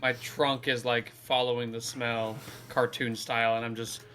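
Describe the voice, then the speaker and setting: A man's voice: medium pitch, flat delivery, moderate pace, pushed and bright. A man playing a character in a tabletop game, casual and playful. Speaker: player.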